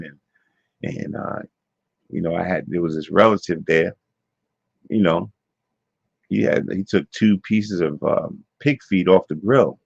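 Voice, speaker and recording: A man's voice: a bass voice, vocal fry, no echo. A man telling a rambling personal story in a loose, digressive way with many fillers and repetitions. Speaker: vlogger. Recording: dull lo-fi dry sound.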